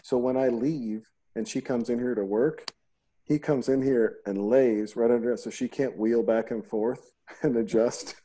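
A man's voice: mid-range voice, fairly even intonation, measured pace, dark tone. A middle-aged man hosting a podcast in casual chat, rambling and joking, acting out quotes and swearing freely. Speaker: podcast host.

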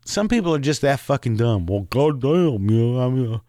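A man's voice: medium pitch, dark tone, no echo, clean studio sound. A man hosting a podcast, ranting angrily with constant swearing and rambling asides, breaking into short laughs. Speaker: podcast host. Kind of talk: profane rant.

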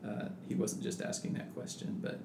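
A man in casual religious discussion who talks thoughtfully with many restarts and reads scripture aloud. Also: normal speed. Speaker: podcast co-host. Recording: echoey room with background noise.

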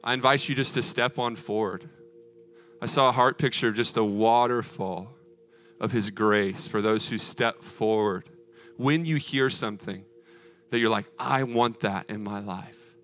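A man's voice: lowish voice, measured pace, a bit bright, slight background noise. A man preaching a sermon, earnest and emphatic with rhythmic repetition.

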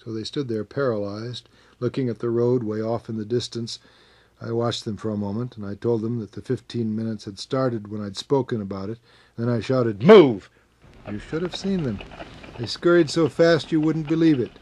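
A man narrating a first-person story in a measured, dramatic way, rising on the tense moments. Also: medium pitch, darkish tone.

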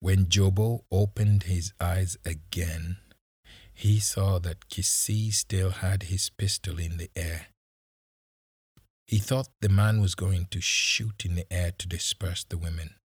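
Male audiobook narrator, low husky voice, slow and dry, measured dramatic delivery. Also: steady tone, no room sound.

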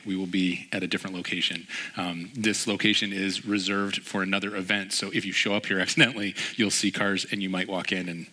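A man's voice: low-pitched, pushed and bright. A man, a pastor, giving a casual sermon full of stories and fillers who acts out the people in them. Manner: casual storytelling, many fillers.

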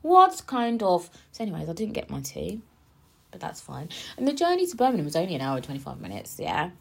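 A woman talks straight to her viewers, rambling through a story with lots of asides and fillers. Her voice is a little husky and sits on the low side. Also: wildly swooping pitch, brisk. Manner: chatty, rambling, full of asides and filler words. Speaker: vlogger.

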